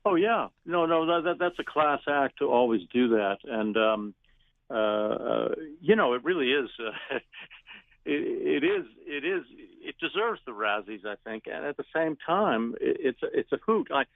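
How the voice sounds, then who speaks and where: Gravelly man on a phone line. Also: medium pitch, moderate pace, dry recording. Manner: animated storyteller, laughs often, many restarts. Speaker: actor guest. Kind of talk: phone interview.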